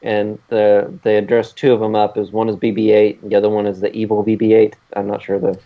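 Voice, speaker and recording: A man's voice: fairly low pitch, completely flat delivery, a little fast, highs cut off. A man co-hosting a podcast in casual chat. He talks in a laid-back, rambling way with many fillers and chuckles. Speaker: podcast co-host.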